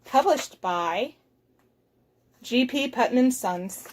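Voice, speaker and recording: A woman reading a picture book aloud at library storytime, expressive and carefully enunciated. Her voice sits high, and she takes the story at an unhurried pace. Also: a little hiss or hum. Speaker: children's librarian.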